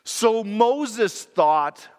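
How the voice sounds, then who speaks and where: A man's voice: sits high, expressive, extremely slow, darkish tone, big-room sound. A man preaching a sermon in an earnest, reflective way, sometimes correcting himself mid-sentence.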